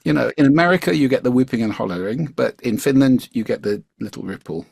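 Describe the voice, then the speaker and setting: A man being interviewed as a communication coach, explaining his points in an articulate, measured way. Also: mid-range voice, creaky, a little mellow, breathy edge. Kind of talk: interview conversation.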